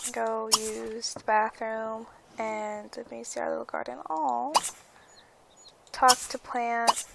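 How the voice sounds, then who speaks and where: A woman's voice: a little high, vocal fry. A woman hosting a let's play, chatting casually about her game, giggly and often tripping over her words. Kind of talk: casual gameplay commentary.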